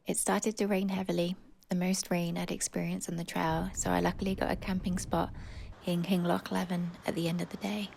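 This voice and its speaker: A woman calmly narrating her own hike in a reflective scripted voice-over. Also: fairly low pitch, brisk, vocal fry, few pauses, background noise.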